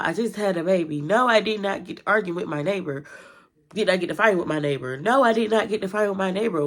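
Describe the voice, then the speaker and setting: Young woman, casual storytime vlogger, low-set voice, lively animated delivery. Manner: animated retelling, jumps to high pitch when quoting herself.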